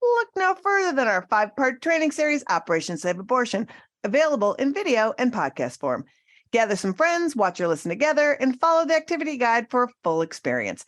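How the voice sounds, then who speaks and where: A woman's voice: fairly high pitch, very animated, fairly quick. A woman podcast host, gushing and enthusiastic, chatting and reading promos. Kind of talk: casual chat and promo read.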